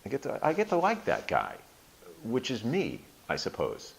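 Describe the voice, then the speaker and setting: A man in his sixties answering interview questions thoughtfully, pausing and restarting, now and then acting out his own inner voices with playful emphasis. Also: mid-range voice, wildly swooping pitch, creaky, low-quality recording. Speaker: interview guest, workshop alumnus.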